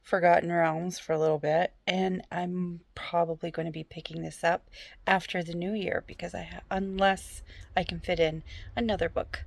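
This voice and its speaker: A woman chatting casually at home in a book vlog, soft-spoken and often half-whispering. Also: lowish voice, little pitch movement, normal speed, vocal fry, slight background noise. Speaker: book vlogger.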